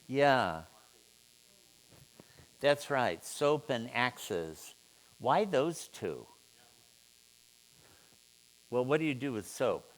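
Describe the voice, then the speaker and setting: A man leading an informal seminar, musing aloud and putting questions to his students in a relaxed way. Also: mid-range voice, drawn-out words, pauses often. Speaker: seminar teacher.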